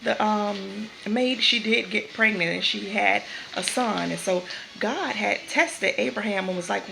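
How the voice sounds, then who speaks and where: A woman talks through a devotional in a loose, conversational way, often repeating or restarting her phrases. Her mid-pitched voice carries a heavy, gravelly fry. A faint hiss of noise sits behind her. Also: a little slow, pushed and bright, poor audio. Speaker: vlogger giving a faith talk. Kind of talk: casual spoken devotional.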